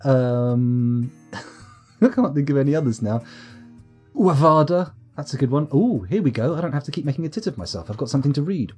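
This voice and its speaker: A man's voice: a little high, big pitch swings, fairly quick, mellow, husky, soft background music. A British man with a sore throat, chatting and joking self-deprecatingly as he streams a game live from home. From United Kingdom. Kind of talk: live let's-play commentary. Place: at home, upstairs room.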